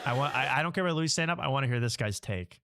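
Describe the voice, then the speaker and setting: A man's voice: mid-range voice, animated, rapid-fire, sharp tone, some chatter behind. A man hosting a comedy talk show, chatting casually, mocking and laughing often. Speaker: host.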